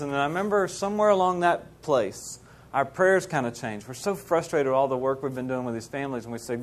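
A middle-aged man preaching, telling a mission story in an animated way and acting out the people he quotes. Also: fairly high pitch, a little fast. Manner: animated, acts out quoted voices. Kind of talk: sermon storytelling.

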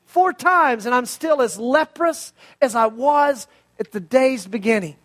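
A man's voice: very high voice, animated, measured pace, fairly bright tone, full character voice. A man preaching, voicing a proud, indignant army commander who grumbles and complains. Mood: angry.

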